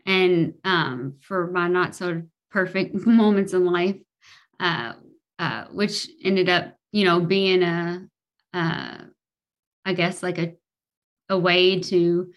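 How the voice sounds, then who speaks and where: A woman with a Kentucky accent, a podcast guest telling her personal story hesitantly with lots of fillers. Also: medium pitch. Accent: Kentucky Southern American. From Kentucky, USA. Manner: hesitant, many fillers, laughs easily.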